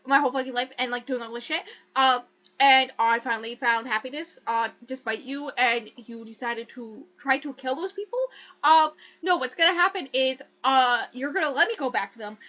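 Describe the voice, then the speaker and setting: A young woman with a high voice chats casually, recapping a book's plot in a loose, rambling way full of fillers and swearing. The recording is dull and lo-fi, like a home podcast setup. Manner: rambling, profane, lots of fillers. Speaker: podcast co-host recapping a book. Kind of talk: casual chat.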